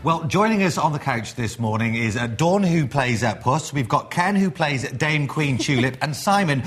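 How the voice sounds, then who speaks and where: A man's voice: medium pitch, expressive, moderate pace, over music. A man presenting a morning TV show, interviewing guests in a jovial, teasing way with many fillers. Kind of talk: live studio interview.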